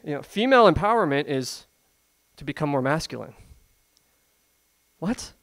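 A pastor preaching a sermon in a conversational, emphatic way, full of rhetorical questions. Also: male voice, a little high, big pitch swings, a little fast, a bit bright.

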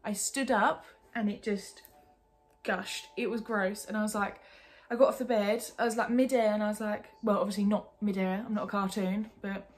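A woman's voice: medium pitch, moderate pace. A young woman from England telling a personal story in a casual, candid way, full of "like". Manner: chatty, lots of "like", candid and animated. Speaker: vlogger.

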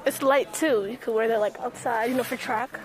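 A woman's voice: on the high side, steady tone, brisk. A young woman vlogging on a phone while shopping in a busy mall, giggly and teasing. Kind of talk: casual chat while shopping. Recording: crowd chatter behind.

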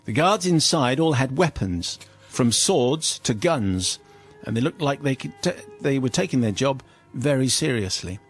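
A British man, a radio host, reads a listener's comic story aloud with lively, amused delivery and playful quoted voices. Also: medium pitch, unhurried, breathy edge, soft background music.

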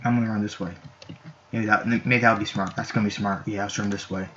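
A man with a fairly low voice rambles excitedly as he plays a video game and breaks into shouts at the screen. The recording is dull and lo-fi, with faint keyboard clicks behind him. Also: quick pace, a little hiss or hum. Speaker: gameplay YouTuber. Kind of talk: casual gameplay commentary.

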